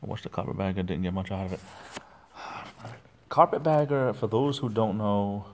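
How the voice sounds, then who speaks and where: Casting: man, fairly low voice, easygoing livestream host, rambling chat with viewers. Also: fairly even intonation, fast, warm tone, a little hiss or hum. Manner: rambling, chatty, reads chat comments aloud. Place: at home.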